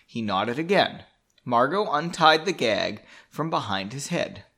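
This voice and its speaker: A man reads his own fantasy chapter aloud, then drifts into loose, self-mocking commentary. His voice sits mid-pitch and swings up and down lively as he talks, and he breaks into laughter at his own writing. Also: unhurried, vocal fry. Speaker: author reading his own story. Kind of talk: casual storytelling with rambling commentary.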